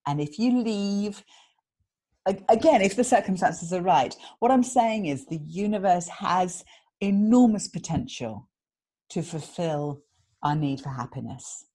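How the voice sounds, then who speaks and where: British woman, husky voice, lively pitch, animated storyteller, casual interview guest. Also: unhurried. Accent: British English. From England. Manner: animated, laughs often, acts out quotes. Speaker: guest, author and magician.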